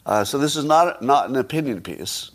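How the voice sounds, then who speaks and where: A man's voice: mid-range voice, lively intonation, normal speed. Sarcastic man commenting on the news. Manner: sarcastic, rhetorical questions, dry asides. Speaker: political commentator. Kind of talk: casual livestream commentary.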